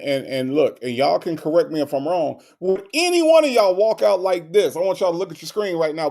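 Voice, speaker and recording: Animated man hosting a livestream. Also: fairly high pitch, gravelly. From Florida. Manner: animated, reads chat messages aloud, frequent stammered restarts. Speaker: livestream host. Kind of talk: casual livestream commentary.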